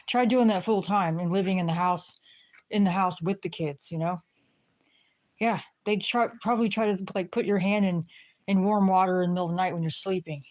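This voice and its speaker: A woman's voice: medium pitch, a little mellow. A woman griping in a casual, rambling rant to the camera, swearing freely and filling her talk with "you know what I mean.". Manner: rambling, profane griping, lots of fillers.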